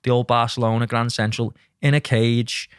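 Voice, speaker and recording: A man's voice: mid-range voice, moderate pace, clean tone, no echo. A middle-aged man tells stories on a podcast, calling the host "mate" and acting out what others said. His voice sits in a middle range, and the sound is dry and close with no room around it. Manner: lively anecdotes, acts out quotes, says mate a lot. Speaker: podcast guest, mindset coach. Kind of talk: casual storytelling chat.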